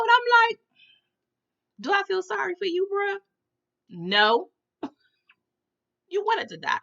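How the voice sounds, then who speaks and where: Woman, TV recap vlogger, lively swooping voice, bright, slangy, dull lo-fi sound. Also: on the high side. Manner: animated, slangy, keeps asking "okay?" and saying "y'all". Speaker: TV recap reviewer. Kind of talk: casual TV episode recap.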